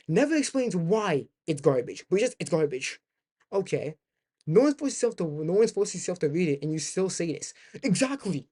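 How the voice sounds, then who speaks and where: Young man, livestream reaction rant, profane, repetitive, mellow dark tone. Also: a little high, expressive, unhurried. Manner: ranting, profane, repeats himself. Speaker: streamer.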